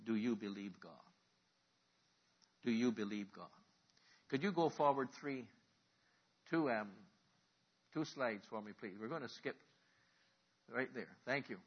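A man preaching a sermon, moving from quiet questions to loud, impassioned calls for the congregation to respond. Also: mid-range voice, measured pace, long pauses, husky, highs cut off.

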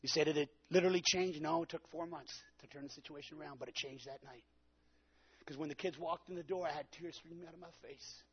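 A man's voice: a little high, fairly even intonation, quick pace, dull audio. A man preaching a sermon, telling a personal story with dramatic delivery and acted-out quotes. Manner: dramatic storytelling, acting out his own quotes.

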